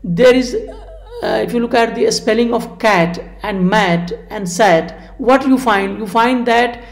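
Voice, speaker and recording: A woman's voice: on the high side, measured pace, vocal fry. A woman lecturing on phonology, explaining patiently and repeating each definition and example. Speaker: English language teacher. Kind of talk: recorded classroom lecture. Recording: echoey room.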